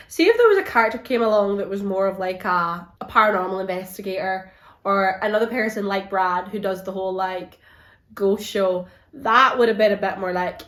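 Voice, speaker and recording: A woman chatting through a book review, animated and openly exasperated. Her voice sits at a middle pitch. It rings in a roomy, echoey space. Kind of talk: casual book review vlog. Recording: roomy echo.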